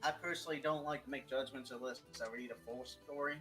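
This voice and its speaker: Young man, bright voice, rambling casual talk, cussing, faint music in the background. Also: medium pitch, steady tone, quick pace, rough recording. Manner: rambling, swears freely, jokey. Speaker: guest writer. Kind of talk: casual chat.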